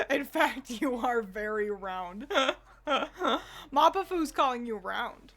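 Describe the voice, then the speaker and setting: A woman's voice: high voice, very animated, very slow, pushed and bright. A young woman streaming at home who chats playfully with her cat while gaming, cursing freely into a desk microphone. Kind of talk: casual gaming commentary.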